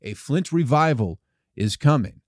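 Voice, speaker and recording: A man rambles alone on his comedy podcast in a sarcastic, foul-mouthed patter, pitching ideas like a mock salesman. His voice sits at an ordinary middle pitch, and the recording is dry and close, with no room sound. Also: animated, measured pace, no room sound.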